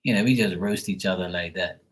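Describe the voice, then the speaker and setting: A man chatting casually to camera, rambling and swearing freely in a relaxed way. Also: deep voice, brisk, low-quality recording. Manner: rambling, profane, laid-back. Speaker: tarot reader, channel host.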